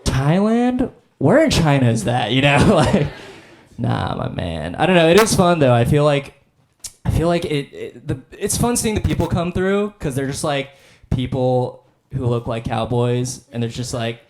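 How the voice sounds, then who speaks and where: A man's voice: medium pitch, lively intonation, normal speed, darkish tone. A young man performing a stand-up comedy set on stage, with a laid-back, self-deprecating delivery full of fillers. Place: comedy stage before a live audience.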